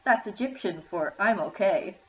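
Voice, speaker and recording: A man's voice: high voice, expressive, moderate pace. A woman reading as a shy teenage boy. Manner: hesitant, then indignant. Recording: echoey room, dull lo-fi sound.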